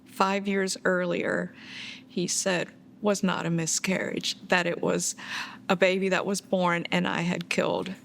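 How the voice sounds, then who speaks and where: A woman giving a documentary interview, recounting her own story in a halting, soft-spoken way with sighs. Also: on the low side, level tone, vocal fry, slight background noise. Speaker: abuse survivor telling her story.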